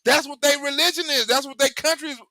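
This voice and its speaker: A male host giving rambling, profane political commentary in an animated way, cursing heavily. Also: extremely high pitch, fast talker, no echo.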